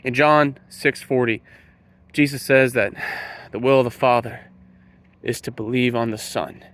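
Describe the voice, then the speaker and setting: A man giving an earnest preaching monologue to camera, slow and emphatic, leaning on key words. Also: medium pitch, steady tone, fairly bright tone. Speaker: Christian speaker.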